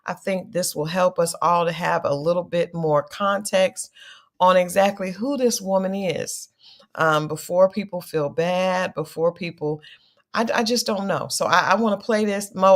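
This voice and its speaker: A woman's voice: on the low side, normal speed. A woman co-hosting a casual reality-show recap, chatty and giggly, with restarts. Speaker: co-host.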